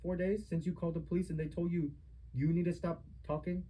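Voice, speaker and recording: A man's voice: a little high, flat delivery, brisk, dark tone, breathy edge, rough recording. A young man in a heated family argument, confronting his mother with accusing, repetitive rhetorical questions.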